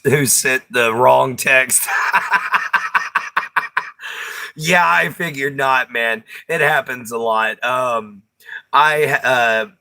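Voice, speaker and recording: Speaking with a bright, forceful tone at medium pitch, this livestream host from Texas chats casually with viewers and reads their comments. He laughs a lot and drops Southern slang in his Texan accent.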